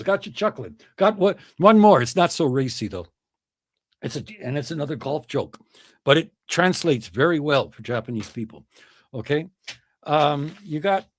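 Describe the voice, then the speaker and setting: Middle-aged male streamer, lively pitch, slightly husky, dry close sound. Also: no room sound. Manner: chuckling, acts out joke voices with big pitch swings. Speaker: livestream host. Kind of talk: casual chat, reading viewer comments and telling jokes.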